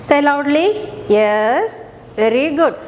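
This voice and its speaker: Malayali lady teacher doing a kids phonics class, high sing-song voice, spells words out slow, bit of room echo and hiss. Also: a little mellow. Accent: Malayali English. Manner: sing-song, coaxing, spells letters slowly and repeats words. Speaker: kindergarten English teacher. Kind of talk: online phonics lesson for small children.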